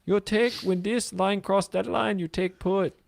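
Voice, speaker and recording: A man's voice: high voice, fairly even intonation, unhurried, creaky, dry recording, voice pushed up. A man voicing a scammy male YouTube trading guru with a mock Indian accent, salesy and overconfident.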